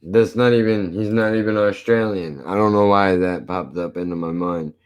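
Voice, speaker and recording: A man's voice: low-pitched, moderate pace, darkish tone, clean tone. A man giving casual, rambling reaction commentary while he searches for videos, crude and laid-back. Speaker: watch-along streamer.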